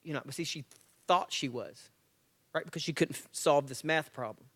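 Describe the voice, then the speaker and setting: A man's voice: on the high side, normal speed. A man in his forties giving a motivational talk as a guest speaker at a church men's breakfast, telling stories, acting out dialogue and joking at his own expense. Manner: lively storyteller acting out dialogue; jokey, self-mocking.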